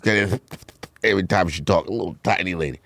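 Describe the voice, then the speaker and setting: A man hosting a casual podcast chat, telling childhood stories in an animated way with squeaky impressions. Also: fast, creaky, no room sound. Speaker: podcast host.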